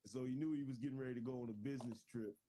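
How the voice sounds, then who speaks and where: A man's voice: medium pitch, steady tone, rapid-fire, dark tone, a little hiss or hum. A man casually telling a long joke to friends on a group call, loose and slangy, constantly checking in with "right?". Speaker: joke teller.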